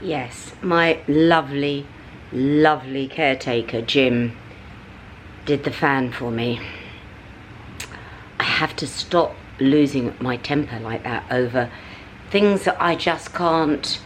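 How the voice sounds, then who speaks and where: A middle-aged British woman talking to camera in a casual vlog, ranting animatedly with big swings in pitch. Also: slow, long pauses, slight background noise, poor audio. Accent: British English. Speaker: vlogger. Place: at home and out on a city street.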